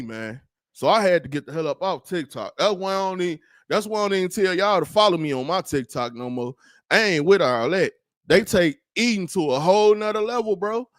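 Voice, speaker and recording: A man hosting his own livestream, ranting in a loose, slangy, rambling way with plenty of animated asides. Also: high voice, no echo, studio quality. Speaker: livestream host. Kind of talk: casual livestream rant.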